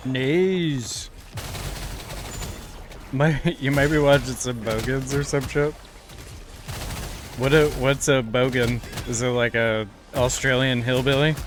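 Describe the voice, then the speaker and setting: A male streamer chats casually with his live chat in a steady, mid-range voice, speaking slowly with long pauses over a little hiss or hum. He playfully teases viewers with questions about how they pronounce words.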